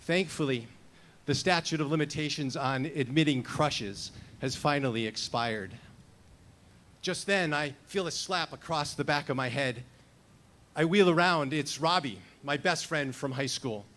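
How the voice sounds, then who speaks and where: A man's voice: a little high, unhurried, fairly bright tone. Wry man in his fifties telling a story. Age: 50s. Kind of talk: live story slam performance.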